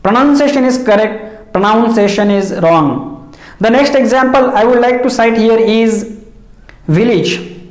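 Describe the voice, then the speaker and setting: A woman giving a measured, explanatory lesson, repeating key phrases. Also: a little high, a little mellow. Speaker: English teacher. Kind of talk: instructional lecture. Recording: echoey room.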